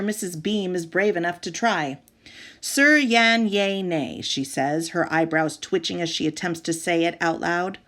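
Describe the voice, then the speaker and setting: A woman narrating a children's novel in the first person, measured and clear. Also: lowish voice. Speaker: audiobook narrator.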